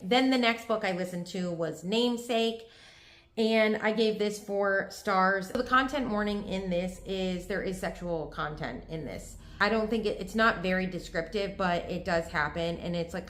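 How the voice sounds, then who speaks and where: A woman's voice: fairly low pitch, a bit bright. A young woman chatting casually about books she read, gushing and peppering her talk with fillers. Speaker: book vlogger. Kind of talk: casual book review chat. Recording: echoey room.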